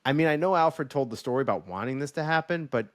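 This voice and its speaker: A man co-hosting a podcast in casual chat, telling stories with lively quoted voices and frequent laughs. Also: medium pitch, fast talker, no echo, clean studio sound. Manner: animated storytelling with quoted voices, laughs often. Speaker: podcast co-host.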